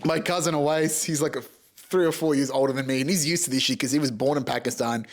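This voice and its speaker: This time the Australian host, a man in his thirties, races through a funny tale in a mid-range voice, cursing a lot and laughing as he goes, all very animated.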